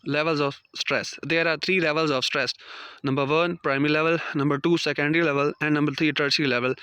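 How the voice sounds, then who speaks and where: A man's voice: on the high side, fairly even intonation, quick pace, pushed and bright, clean tone, no room sound. A man teaching a lesson, reading out definitions and numbered points like a prepared lecture. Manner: reads out numbered points, non-native phrasing. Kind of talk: read-aloud lecture.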